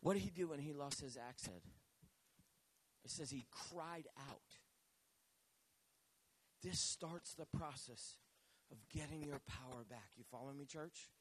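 A man's voice: fairly high pitch, unhurried, long pauses, husky. A male pastor preaching a sermon, joking and teasing himself and asking the church to answer back. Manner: jokey, self-teasing, calls for responses.

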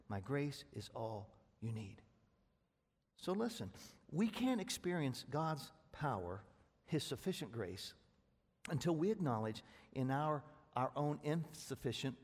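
A man preaching a sermon as pastor, talking quickly in a folksy, plain-spoken way. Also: mid-range voice, big pitch swings, slightly rough. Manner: fast-talking, self-described; folksy, rural American speech. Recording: long reverb of a large hall.

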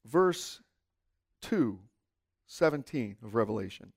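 A middle-aged man preaching a sermon, telling stories expressively and dropping into soft asides. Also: mid-range voice, sing-song, takes it slowly, creaky. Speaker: pastor.

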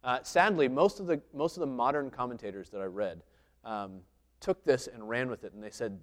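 A man's voice: on the low side, lively intonation, fairly quick. A man giving a conversational sermon, teaching through a Bible passage and thinking aloud with many filler sounds.

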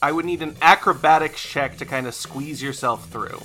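A man's voice: a little high, normal speed, sharp tone, soft background music. A man running a tabletop role-playing game, narrating events and calling for rolls. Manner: narrating actions, calling for checks. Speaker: game master.

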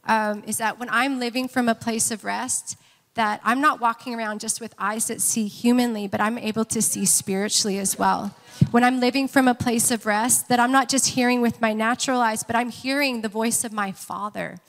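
A woman's voice: a little high, fairly even intonation, normal speed, big-room sound. A woman preaching to a church congregation, earnest and rallying them with frequent amens. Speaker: worship leader and co-pastor. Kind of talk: sermon. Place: church sanctuary.

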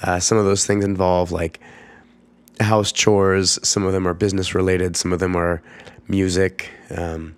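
Deep-voiced congested man with a cold. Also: level tone, measured pace, dry recording. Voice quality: rough, congested voice. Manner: rambling, many fillers and restarts. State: congested, getting over a cold with coughing fits. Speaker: podcast host. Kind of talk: casual solo podcast monologue.

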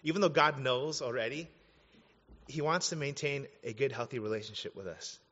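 A man in his thirties, a pastor preaching an animated, conversational sermon with casual asides. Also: medium pitch, moderate pace. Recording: dull sound, long hall reverb.

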